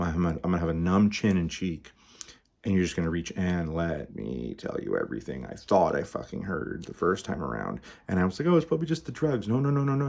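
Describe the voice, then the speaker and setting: A man tells a story in a very low, husky voice. He swears constantly and rambles, with plenty of fillers and restarts. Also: mellow. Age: 40s. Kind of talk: casual profane storytelling.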